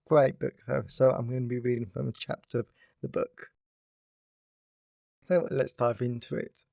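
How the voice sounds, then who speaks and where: Young man, podcast host, rambling casual chat, lots of filler words, gravelly fry, dry close sound. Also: mid-range voice, dark tone, no room sound. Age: young adult. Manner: upbeat, rambling, heavy use of "like" fillers.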